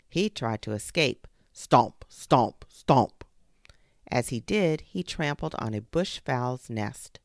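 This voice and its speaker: A podcast host reading a children's fable aloud, expressive and with spoken sound effects. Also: mid-range voice, vocal fry, no room sound, studio quality. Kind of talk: storybook narration for children.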